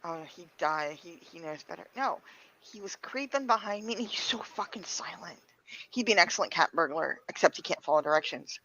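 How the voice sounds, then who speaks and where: Woman streamer, lively and bright voice, swears a lot, dry lo-fi audio. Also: on the low side, fairly quick. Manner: swears freely, animated. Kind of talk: casual chat.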